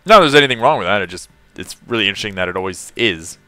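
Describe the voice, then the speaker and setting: A man's voice: lowish voice, animated, very fast, sharp tone, dry recording. A man from California live-streaming a game, chatting casually, laughing often and greeting viewers in the chat.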